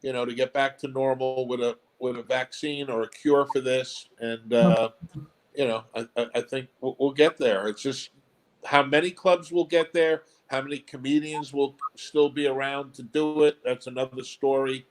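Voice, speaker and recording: A man, a comedy club owner and guest, talking in a casual interview in a measured, thoughtful way. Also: medium pitch, fairly even intonation, poor audio.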